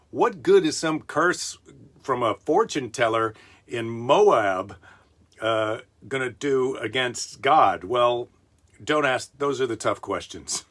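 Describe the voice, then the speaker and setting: A man's voice: mid-range voice, fairly bright tone. A man reading a Bible story aloud and breaking off into wry, joking asides as a comedy podcast host. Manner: wry, joking asides between read passages.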